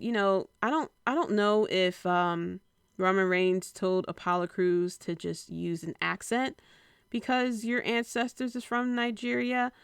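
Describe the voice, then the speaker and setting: Woman with a very smooth, dry voice. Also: lowish voice, no echo. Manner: rambling, with frequent filler pauses. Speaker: wrestling podcast host. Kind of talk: casual solo recap.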